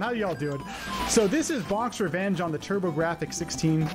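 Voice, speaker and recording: A man's voice: high-pitched, expressive, unhurried. A man giving upbeat, chatty live commentary on his speedrun, explaining as he plays. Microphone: quiet home streaming mic. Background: game music.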